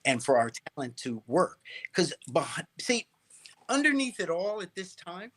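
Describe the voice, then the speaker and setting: A middle-aged man, a guest on an interview show, telling stories in a lively way, restarting phrases and checking in with "right?". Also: high voice, unhurried. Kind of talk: casual interview storytelling.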